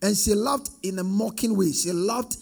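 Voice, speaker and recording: High, gravelly-voiced preacher, husky. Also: male voice, normal speed, a little mellow, soft background music. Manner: call-and-response preaching, sing-song emphatic swells. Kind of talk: sermon.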